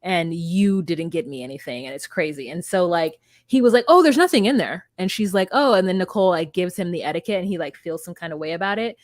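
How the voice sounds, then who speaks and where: Blunt young woman co-host, lowish voice, dry close sound, casual recap chat. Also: fast, few pauses, a little mellow, dry recording. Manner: blunt, swears freely. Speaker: podcast co-host.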